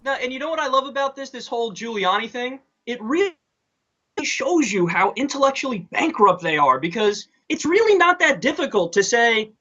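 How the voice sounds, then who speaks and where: Bright-voiced blunt male political host. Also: very high voice, very animated, normal speed, muffled recording. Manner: blunt and sarcastic, swears casually. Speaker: show host. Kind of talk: casual political commentary.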